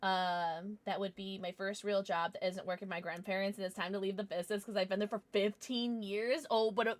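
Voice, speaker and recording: Young woman game streamer, mid pitch, dry close sound; chatty, blunt, swears, addresses chat directly. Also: fairly bright tone, no room sound. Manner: chatty, frank, talks straight to her viewers. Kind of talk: casual livestream chat.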